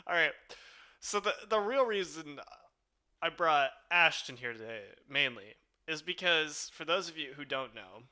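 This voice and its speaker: Bright-voiced chatty young podcast host. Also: male voice, on the high side, lively intonation, measured pace. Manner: chatty, laughs often, many fillers. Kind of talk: casual podcast chat.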